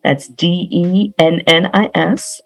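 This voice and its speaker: A woman's voice: on the low side, takes it slowly, vocal fry, rough recording. A woman guest on a coaching podcast, speaking in an earnest, reflective way. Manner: earnest, reflective, many "like" fillers. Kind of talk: reflective interview talk.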